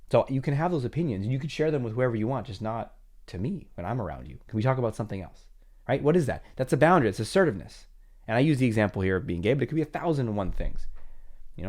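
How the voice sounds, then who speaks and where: A middle-aged man hosting a therapy podcast, talking casually and acting out imagined conversations with family. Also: fast. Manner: conversational, acts out imagined dialogues with lively pitch jumps.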